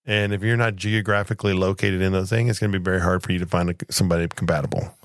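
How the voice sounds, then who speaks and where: A man co-hosting a chatty podcast, his voice sitting a little low as he spins a loose story. He circles back, restarts and stacks fillers as he goes. The sound is close and dry, with no room around it. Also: fairly even intonation, rapid-fire, dry recording. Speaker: podcast co-host, flight attendant. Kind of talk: casual chat.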